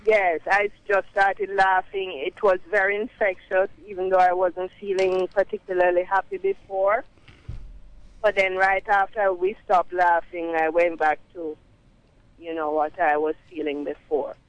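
A woman's voice: lowish voice, little pitch movement, measured pace, no echo. A woman calling in to a radio show, chatting in a friendly way over a phone line. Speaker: caller.

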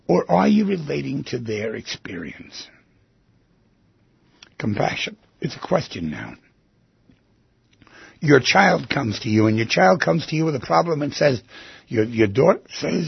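A man with a heavily gravelly, husky voice hosts a reflective radio talk, musing and asking question after question. His pitch rises and falls a lot. The sound is dry and a little dull. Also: animated, moderate pace, no echo. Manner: musing, asks many rhetorical questions. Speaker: radio show host. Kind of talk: reflective monologue on psychology.

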